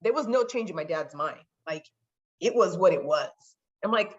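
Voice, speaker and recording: A woman's voice: fairly low pitch, expressive, moderate pace. A woman in her thirties from California, guest on a podcast, telling stories in a chatty way and acting out other people's voices. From California, United States. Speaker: podcast guest, sports marketer. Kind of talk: casual storytelling interview. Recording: slightly dull lo-fi audio.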